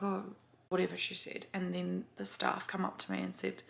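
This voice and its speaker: A woman's voice: on the low side, little pitch movement, fairly quick, vocal fry, fairly bright tone, slight background noise. A woman chatting casually to camera, full of fillers and swearing as she tells a story. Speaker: vlogger.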